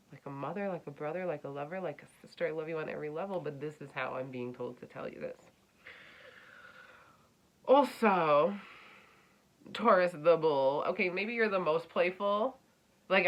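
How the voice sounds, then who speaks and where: A woman's voice: lowish voice, low-quality recording. Blunt, fiery woman giving an astrology reading. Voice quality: blunt, swings from hushed to loud and emphatic. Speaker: astrology reader. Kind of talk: casual spoken astrology reading.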